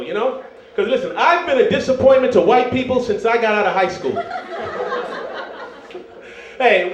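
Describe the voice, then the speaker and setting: A Jamaican-born man doing a stand-up set on a club stage, loose and chatty, peppering lines with "man" and "you know". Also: high voice. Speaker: stand-up comedian. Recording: roomy dull club recording.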